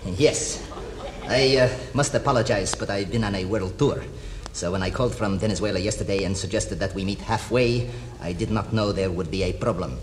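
A man's voice: fairly low pitch, normal speed, natural voice. A man playing a put-upon foreign leader, wry. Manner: mock foreign-leader voice with Yiddish turns. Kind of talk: comedy sketch recording. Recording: noisy roomy old recording.

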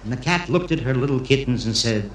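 Quick-paced and animated, a man with a mid-range voice cracks jokes for a live audience. He spins stories in Yiddish-flavored phrasing and acts out characters with different voices, while the echoey room carries faint noise.

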